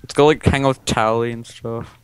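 A man's voice: medium pitch, steady tone, a little fast, clear, resonant tone, rough recording. A young man playing a game with a friend, chatting casually and teasing him playfully. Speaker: gaming partner. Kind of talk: casual gaming commentary.

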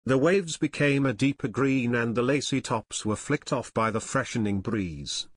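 Male audiobook narrator, measured and steady, mid-range voice, dead-dry close mic. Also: mid-range voice, husky, no echo. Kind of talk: scripted narration.

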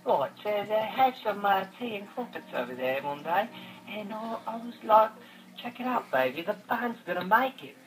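A man's voice: sits high, lively intonation, moderate pace, fairly bright tone, soft background music, pitched above the performer's own voice, rough recording. A man putting on a British accent to tell a breezy little anecdote. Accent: put-on British. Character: chatty British young man telling an anecdote.

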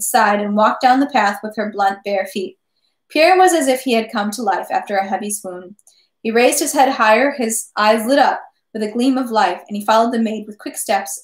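A woman reading a classic novel aloud in measured, steady narration. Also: fairly high pitch. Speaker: reader. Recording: echoey room.

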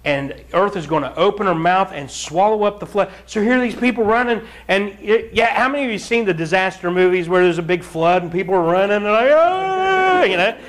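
A preacher with a high-pitched male voice leads his congregation through scripture verse by verse. He tells the stories with lively energy, acting out scenes and laughing along the way. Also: fairly quick, hardly any pauses. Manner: animated storyteller, acts out scenes and chuckles often; addresses the congregation directly, urging them to read along. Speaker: pastor. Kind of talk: sermon, verse-by-verse Bible teaching.

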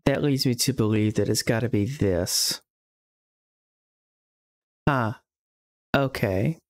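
A man's voice: mid-range voice, slow, no room sound. A young man streaming a game, muttering to himself as he checks items and fixes his stream. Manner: muttering to himself while browsing. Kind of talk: casual live-stream commentary.

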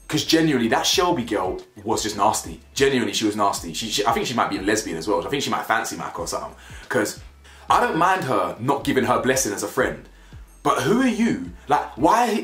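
A young British man giving blunt, slangy commentary on a reality show, animated and laughing at his own jokes. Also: mid-range voice. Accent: British, with urban slang. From United Kingdom. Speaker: reality TV reviewer. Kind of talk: casual opinionated commentary. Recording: roomy echo, faint music behind.

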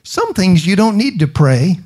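Emphatic preacher with a higher voice. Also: male voice, wildly swooping pitch, measured pace, darkish tone, slightly rough. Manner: emphatic preaching with call-and-response to the congregation; rhetorical questions and repetition. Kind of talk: sermon.

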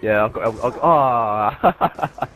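A man's voice: mid-range voice, expressive, takes it slowly, low-quality recording. A young man, joking and trolling while playing an online shooter with a friend. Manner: cheeky, teasing, talks over gameplay. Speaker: gamer. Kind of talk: casual gaming chat.

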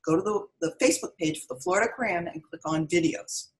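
A woman's voice: lowish voice, fast, low-quality recording. A middle-aged woman, an author reading her story aloud expressively and then chatting with viewers of a live stream.

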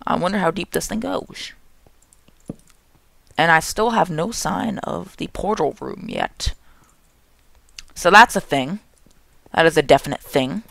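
A young man hosting a gaming channel, giving jokey, excitable let's play commentary and talking to the game's monsters. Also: fairly high pitch, measured pace, gravelly, pauses often, dry recording.

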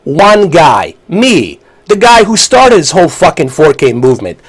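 A man's voice: fairly high pitch, wildly swooping pitch, unhurried, breathy edge. A man, ranting angrily and profanely while live-streaming a game. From Bosnia. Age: 40s. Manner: angry, profane, combative.

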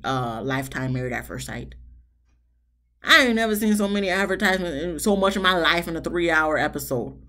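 A woman's voice: low-pitched, a bit bright. A woman giving a casual, sarcastic review of a TV episode, talking straight to her viewers and laughing between remarks. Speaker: TV show reviewer. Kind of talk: casual commentary vlog.

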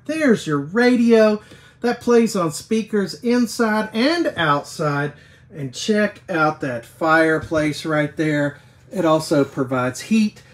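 A man giving an enthusiastic walkthrough tour of a travel trailer as a salesman, eagerly pointing out each feature. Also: sits high. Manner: excited, keeps pointing things out "right there".

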